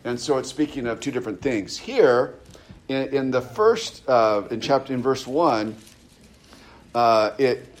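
A man teaches through a Bible passage as a pastor. His voice sits at an ordinary middle pitch, and he talks in a loose, conversational way, checking in with "right?" and circling back on his words. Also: measured pace, a little hiss or hum. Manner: conversational, with frequent "right?" tags and restarts.

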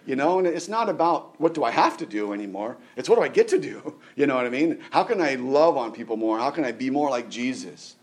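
A man's voice: medium pitch, animated. A middle-aged man giving a conversational sermon as a pastor, often restarting his words and asking the listeners rhetorical questions. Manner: halting, repeats words, asks rhetorical questions.

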